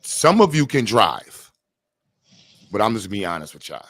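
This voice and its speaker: A man's voice: on the low side, sing-song, unhurried, fairly bright tone, breathy edge, no room sound. A man hosting a casual livestream chat, talking bluntly and rambling with jokes. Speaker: host.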